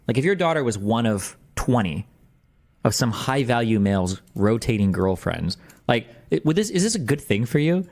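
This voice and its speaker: A male streamer rattles off a sarcastic, incredulous retelling, his pitch swinging widely. His voice bounces up and down as he reacts. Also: big pitch swings, normal speed, a little mellow. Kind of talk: casual reaction commentary.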